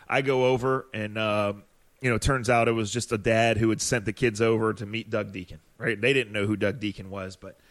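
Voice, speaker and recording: A man's voice: fairly low pitch, no echo. A man who covers a football team as a reporter and co-hosts a podcast, telling rambling anecdotes in casual chat. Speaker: sports reporter and podcast co-host.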